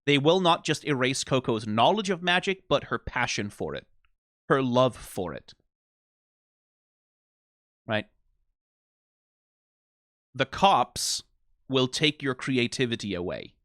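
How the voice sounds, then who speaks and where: Bright animated man reacting to anime. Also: mid-range voice, slow pace, pauses often, no room sound, studio quality. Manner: animated, repeats "right?", laughs often, swears. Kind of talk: casual reaction commentary.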